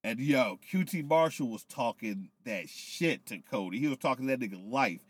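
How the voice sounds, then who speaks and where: A man's voice: medium pitch, moderate pace, slightly rough, no echo. Loose, profane man recapping wrestling. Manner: loose, profane, animated storytelling. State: tipsy from whiskey. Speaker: podcast co-host. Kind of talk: casual wrestling recap chat.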